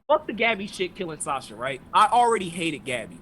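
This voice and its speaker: Podcast co-host, male, a bit high-pitched; heated, sarcastic, profane rant. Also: very animated, a little fast, sharp tone, slightly rough, poor audio. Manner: heated, sarcastic, swears constantly. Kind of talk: profane ranting anime recap.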